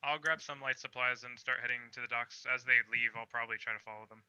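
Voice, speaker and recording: A man's voice: mid-range voice, fairly even intonation, fast, pushed and bright, clear, resonant tone, highs cut off. A man playing in a tabletop game, hesitant and stammering. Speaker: player.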